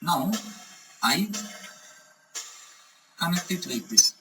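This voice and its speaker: Male teacher, slightly high voice, distant mic with music underneath, keeps asking "correct?". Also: expressive, extremely slow, bright, forceful tone. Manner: repeats "correct?" to check understanding. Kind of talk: explanatory lecture.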